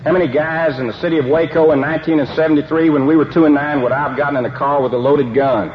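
A man who is a football coach telling a humorous story in an animated way, acting out the dialogue. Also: a little high, fast talker. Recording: dull lo-fi recording with faint hiss.

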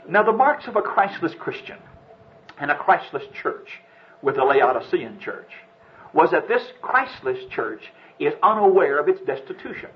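A male preacher tells a story in an earnest, dramatic sermon. His voice rises and falls in lively swings and sits a little high. The old recording sounds dull and lo-fi. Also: moderate pace.

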